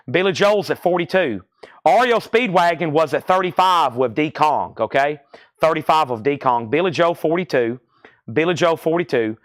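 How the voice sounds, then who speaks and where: A man's voice: on the high side, a bit bright, no room sound, clean studio sound. A man hosting a live record sale stream, calling out prices and bids in a chatty, rambling way. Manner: chatty, rambling, self-deprecating.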